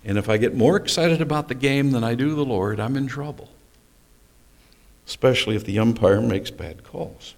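A man's voice: mid-range voice, normal speed, gravelly, a little mellow. A male pastor preaching a sermon, telling stories and asking rhetorical questions with small humorous asides.

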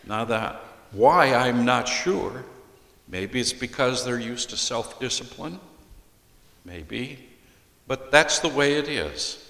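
A man preaching an expository sermon as a pastor, deliberately reading scripture aloud and explaining it. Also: medium pitch, lively intonation, gravelly, sharp tone. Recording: echoey hall with long reverb.

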